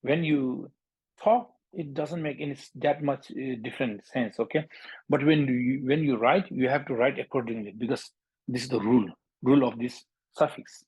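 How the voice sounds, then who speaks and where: Bhutan-born male teacher, husky, mid-pitched, patient drill of sounds, halting delivery. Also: a little mellow, dry recording, highs cut off. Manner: halting, repeats words, drills sounds aloud. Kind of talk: language lesson.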